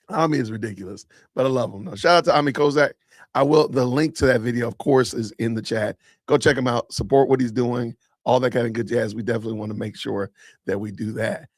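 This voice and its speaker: An upbeat male podcast host chats casually with his audience and hands out shout-outs. His voice sits mid-range. He is recorded close and dry, with no room echo. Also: mid-range voice, fast talker. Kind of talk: casual commentary chat.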